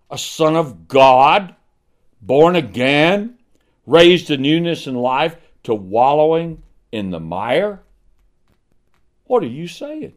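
A man preaching a sermon, swinging from hushed, low passages to ringing emphasis, with rhetorical questions and repeated refrains. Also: very animated, slow pace.

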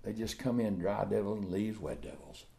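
An older male preacher with a fairly low voice delivers a sermon. He booms out key words, then drops to soft, folksy asides. His phrasing is drawn out and repetitive, broken by stammered restarts. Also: expressive, moderate pace, creaky, noisy background. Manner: emphatic, folksy, swings between loud declaiming and quiet asides.

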